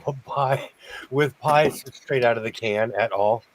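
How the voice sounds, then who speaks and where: A man's voice: medium pitch, measured pace. A man hosting a casual chat show, talking in a jokey, rambling way. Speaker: host.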